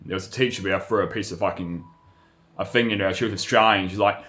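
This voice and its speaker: A man's voice: deep voice, steady tone, fast, fairly bright tone. A young man, rambling through a profane, casual vlog monologue full of restarts. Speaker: vlogger.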